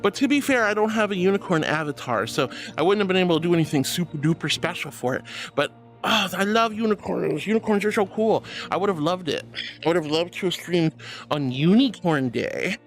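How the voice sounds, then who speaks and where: A woman's voice: lowish voice, expressive, fairly quick. Bubbly affectionate woman streamer, music behind. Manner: bubbly, affectionate, reads chat aloud. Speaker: livestream host. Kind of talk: casual live-stream chat. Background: background music.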